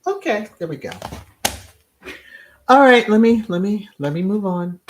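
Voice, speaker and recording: A woman hosting a relaxed live-stream, answering viewers' comments in a sassy, drawn-out way. She takes her time, scattering chuckles, hums and mm-hmms between her points, in a middling voice. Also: medium pitch, slight background noise. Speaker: host of a royal commentary channel. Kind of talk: casual live-stream commentary reading chat.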